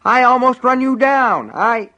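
A man voicing a scrawny, panicked old country man who gasps out shrill outbursts. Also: lively intonation, measured pace, bright, forceful tone, full character voice. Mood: shrill alarm. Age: older.

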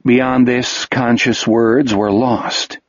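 A man reading an audiobook novel in a measured storytelling manner. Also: mid-range voice, little pitch movement, no room sound, highs cut off. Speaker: audiobook narrator. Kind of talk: scripted narration.

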